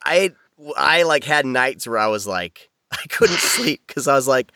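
A man's voice: mid-range voice, lively intonation, unhurried, pushed and bright, no room sound, studio quality. A man talking casually as a podcast guest, rambling with many restarts and fillers over a video call. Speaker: audiobook narrator, podcast guest.

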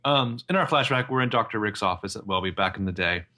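Man, low but bright voice, podcast co-host. Dry jokes, casual recap. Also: expressive, fast talker. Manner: wry, joking asides. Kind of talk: casual chat recapping a TV episode.

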